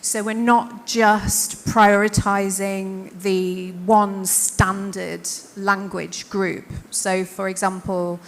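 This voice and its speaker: A woman's voice: medium pitch, level tone, slow pace, hardly any pauses. A woman with a northern English accent, speaking earnestly and thoughtfully as a panelist at a conference. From north of England. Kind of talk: panel discussion. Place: conference hall. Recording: reverberant hall, faint hiss.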